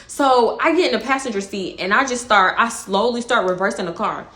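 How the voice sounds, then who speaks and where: A woman telling a profane, animated story to her vlog audience. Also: fairly high pitch, fairly quick, reverberant. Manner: animated, profane, dramatic retelling. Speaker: storytime vlogger. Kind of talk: casual storytelling.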